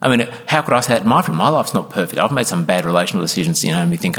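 Man, pastor preaching, earnest, emphatic, mid-pitched voice, reverberant church hall. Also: sing-song, rapid-fire, few pauses, a bit bright. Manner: earnest and emphatic, acts out congregation members in quoted asides. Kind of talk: sermon.

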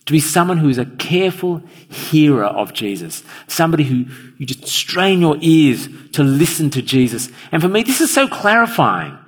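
A man delivers an evening sermon, his husky voice rising and falling with plenty of movement. He earnestly puts questions straight to the congregation, and his words ring out with the long reverb of a large church hall. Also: fairly high pitch, sing-song, moderate pace. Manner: earnest, asks the listeners questions directly. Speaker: preacher.

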